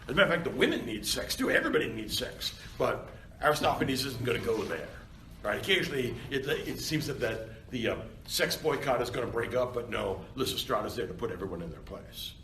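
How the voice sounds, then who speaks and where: A male university lecturer giving a seminar lecture in an animated, conversational way, often checking in with his students. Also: medium pitch, fairly quick, recorded from a distance. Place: seminar classroom. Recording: roomy classroom with faint background noise.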